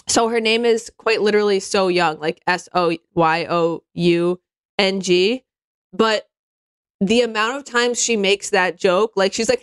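A woman's voice: medium pitch, smooth, no room sound. A woman chatting casually as a podcast co-host, sarcastic, acting out the people she quotes in mocking voices. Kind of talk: casual comedic chat.

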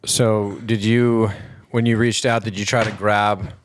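Lower-voiced co-host guy, says "gnarly" and "holy crap", a bit of hiss behind. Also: flat delivery, measured pace. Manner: reacts with short interjections. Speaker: podcast co-host. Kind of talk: casual chat.

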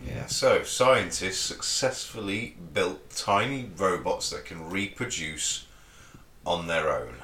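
A man co-hosting a casual comedy podcast, reading out odd news stories in a wry, deadpan way. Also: low-pitched, slow, echoey room.

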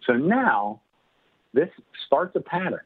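Casting: husky man, chatty storyteller, thin telephone-band sound. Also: a little high, very animated, slow. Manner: rambling, laughing often, many fillers. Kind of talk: casual anecdote telling. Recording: tinny phone-like radio line.

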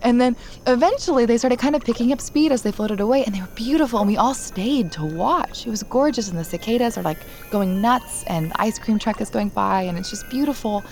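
A woman hosting a podcast, telling a personal story in a candid, animated way and laughing now and then. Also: a little high, brisk, few pauses, soft background music. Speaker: podcast host. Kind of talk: casual storytelling chat.

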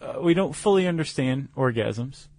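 A man's voice: mid-range voice, lively intonation, normal speed, darkish tone, no room sound. A man co-hosting a podcast, explaining science in casual chat with fillers and restarts. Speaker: podcast co-host.

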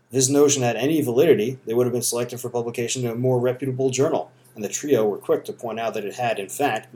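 A male narrator reading a novel aloud, steady and measured. His voice sits at a middling pitch and he tells the story evenly. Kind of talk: audiobook narration.

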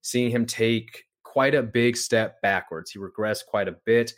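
A man hosting a sports podcast, asking questions in a relaxed, loose way. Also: medium pitch, a little slow. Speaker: podcast host. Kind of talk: casual podcast interview.

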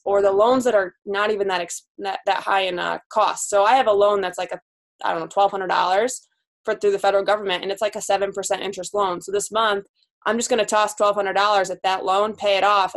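A woman in her twenties, a new physical therapist, talking candidly in a casual podcast interview. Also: mid-range voice. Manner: candid, chatty, quick laughs.

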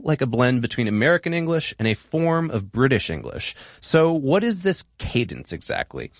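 Lively man narrating an explainer. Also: medium pitch, moderate pace, creaky, few pauses, no echo, clean studio sound. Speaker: podcast host. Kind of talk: scripted narration.

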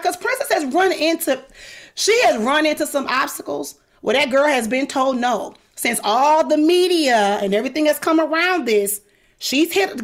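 A middle-aged woman, her voice sitting a little high. She talks candidly and emphatically in an interview. She slips into quick quoted voices to make her case. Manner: emphatic, outspoken, animated with quoted asides. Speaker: podcast host, guest.

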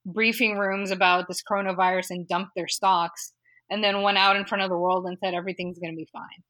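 A woman's voice: mid-range voice, level tone, fairly quick, fairly bright tone. A woman from California talking casually as a podcast guest, with frequent fillers and easy laughs. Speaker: data modeling guest.

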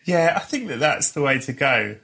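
A male podcast host chatting over a video call, telling animated stories with chuckles. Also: mid-range voice, normal speed, creaky, slightly rough. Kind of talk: casual interview chat.

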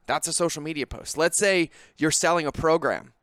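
A man's voice: fairly high pitch, normal speed, fairly bright tone, clean tone, no room sound, clean studio sound. A man hosting a podcast, giving a direct, coaching business monologue that turns emphatic. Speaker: podcast host.

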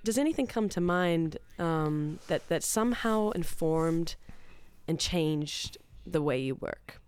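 A podcast host asking a guest a question in a calm, unhurried, affirming way. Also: mid-range voice, clean tone. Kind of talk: interview questions and reactions.

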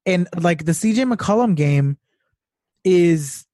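A man's voice: high voice, lively intonation, slow, mellow, dry recording, studio quality. A man co-hosting a sports podcast in casual chat, rambling with lots of fillers and restarts. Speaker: podcast co-host.

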